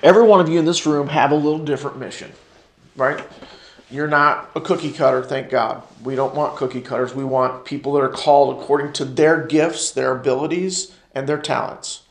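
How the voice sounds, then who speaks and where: An American man teaches a church ministry class in sermon style, his voice gravelly and somewhat high. He drives each point home by repeating it and asks the room to answer back. The sound is roomy, with echo from the church space. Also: fairly even intonation, fairly quick. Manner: call-and-response, repeats key phrases for emphasis.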